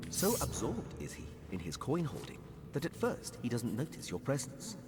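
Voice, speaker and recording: A man's voice: medium pitch, huge pitch swings, normal speed, music in the background. A man voicing the narrator of a fantasy game, telling the story in a storybook manner. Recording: game audio with long reverb, faint noise.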